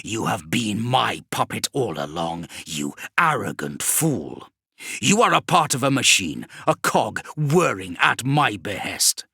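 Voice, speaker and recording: A man's voice: on the low side, very animated, vocal fry, pushed and bright, husky, no echo, studio quality, heavily acted. A man voicing Vashtor, a scornful towering demon. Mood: menacing. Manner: slow, deliberate, contemptuous. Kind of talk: audiobook character reading.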